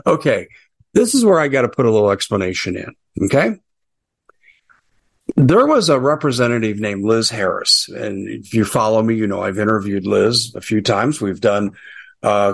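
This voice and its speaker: A man's voice: mid-range voice, gravelly. A middle-aged American man hosting a casual political commentary show, chatty and sarcastic with frequent asides.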